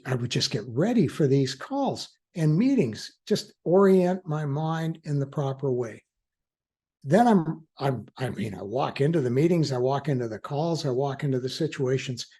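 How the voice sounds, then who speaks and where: A man's voice: mid-range voice, expressive, moderate pace, a little mellow, husky. An older man, a guest in an interview, speaking earnestly in a reflective, conversational way with frequent restarts and fillers. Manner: earnest, laughs easily. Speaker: guest, attorney in recovery.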